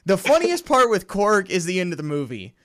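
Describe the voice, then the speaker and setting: Animated man, fairly high voice. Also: a little fast. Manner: animated, laughs often, acts out movie lines. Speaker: podcast co-host. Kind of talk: casual chat.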